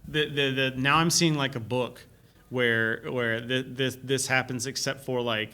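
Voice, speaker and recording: A man's voice: mid-range voice, fairly even intonation, unhurried, pushed and bright, clear, resonant tone. A man around forty hosting a casual live podcast, rambling with many fillers and restarts. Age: 40s.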